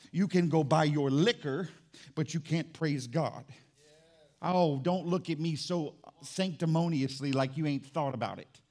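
A male pastor preaching a sermon in a church, impassioned, swinging from low and intimate to loud and fervent. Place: church sanctuary.

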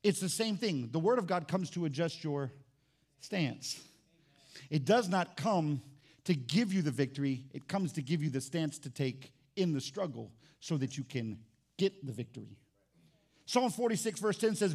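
Animated high-voiced preacher man. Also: moderate pace. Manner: animated, swings from loud emphasis to hushed low lines. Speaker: pastor. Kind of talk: sermon. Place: church service.

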